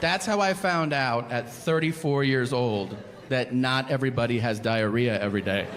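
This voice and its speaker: A man's voice: mid-range voice, normal speed, a crowd in the background. A man performing stand-up comedy, telling stories animatedly and acting out the other people in them. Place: comedy club stage. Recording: echoey venue with loud room noise.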